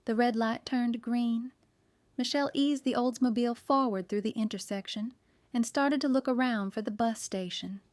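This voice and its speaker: A woman narrating an audiobook mystery in an even, steady storytelling manner. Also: a little high, moderate pace, no echo. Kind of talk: scripted narration.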